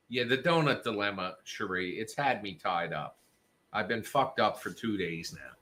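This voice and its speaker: A man's voice: on the low side, unhurried, fairly bright tone. A man hosting a show, telling a story in a casual, profane, worked-up rant and quoting people in raised voices. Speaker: show host.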